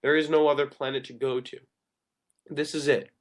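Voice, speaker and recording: Speaking at a normal speed in a slightly high, level voice, a man hosts a radio talk show. His monologue is earnest and rambling, frequently self-corrected partway through sentences.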